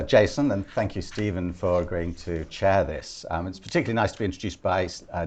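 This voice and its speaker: An older man from Britain gives a relaxed public talk, telling anecdotes with a dry, understated wit. His voice sits fairly low, and he tells each story at an unhurried pace. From United Kingdom. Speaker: guest speaker, former ambassador.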